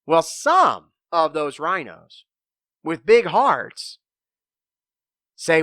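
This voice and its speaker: A man hosting a motivational podcast, telling a parable in an animated way and acting out the characters. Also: a little high, drawn-out words, pauses often, no room sound, studio quality. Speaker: podcast host and speaker. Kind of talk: storytelling motivational talk.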